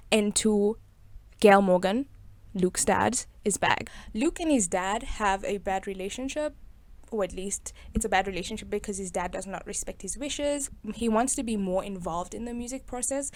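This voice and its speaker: A young woman hosting a film review in casual, sarcastic commentary, chatty and quick to laugh. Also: medium pitch, a little mellow. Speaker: video host reviewing a film.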